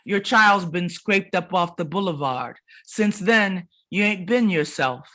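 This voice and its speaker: A woman poet giving a dramatic, rhythmic reading of her poems at a literary event, swinging between forceful lines and hushed ones. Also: lowish voice, lively intonation, measured pace. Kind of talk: performed poetry reading.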